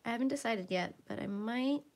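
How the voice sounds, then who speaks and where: A woman hosting a casual livestream from home while she colors. She chats along and sometimes drops into soft murmurs as she works. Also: on the high side, a little fast. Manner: chatty, drifts into soft murmurs while working. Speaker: livestream host.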